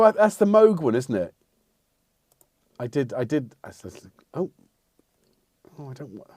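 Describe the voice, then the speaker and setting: Hosting a relaxed livestream, a middle-aged Englishman rambles through chat replies with plenty of self-mockery. He speaks low with vocal fry and a dark tone, recorded at studio quality with no echo.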